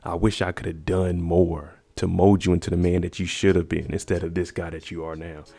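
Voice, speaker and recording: A man voicing a dying old father who speaks quietly and wearily, full of regret. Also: deep voice, flat delivery, brisk, gravelly. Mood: regretful.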